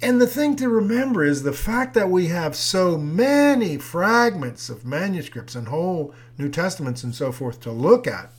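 A man teaching about the Bible in a plain conversational way, with many fillers and restarts and homely examples. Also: a little high. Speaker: preacher. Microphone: audio recording.

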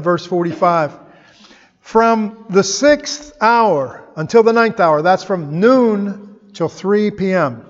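High-voiced preacher man in a reverberant hall. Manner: expressive Bible reading, dramatic emphasis on quotes. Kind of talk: sermon. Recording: dull sound with long hall reverb.

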